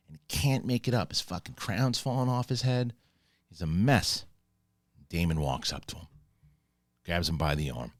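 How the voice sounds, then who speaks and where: A man giving a casual, profane spoiler review of a TV episode, acting out scenes in quick paraphrased quotes. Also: sits low, no echo, clean studio sound. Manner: rambling with restarts when moved. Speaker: film and TV reviewer.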